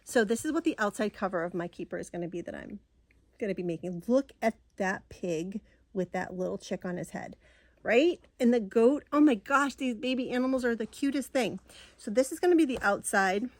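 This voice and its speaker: A woman's voice: mid-range voice, expressive, a little fast, no echo. Woman, middle-aged, from New England, casual show-and-tell chat, gushing, dry close recording. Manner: gushing, chatty, rambling with asides. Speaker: stitching vlogger.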